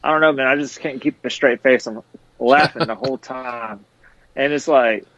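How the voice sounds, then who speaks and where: A man's voice: medium pitch, normal speed, fairly bright tone. A middle-aged man, a former tour manager, chatting casually on a podcast in a rambling, laid-back way. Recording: slightly dull lo-fi audio.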